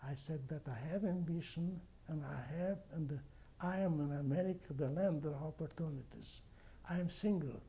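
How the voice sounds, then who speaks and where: Older man, non-native English speaker with a heavy accent, dark husky voice, halting oral-history telling. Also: on the high side. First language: not English. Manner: halting, repeats himself, restarts often. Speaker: interviewee.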